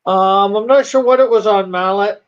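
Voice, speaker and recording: A man's voice: sits high, normal speed, smooth. Male stream host, casual, reads chat aloud, lo-fi stream sound. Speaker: comic artist hosting a livestream. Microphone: video call on a computer.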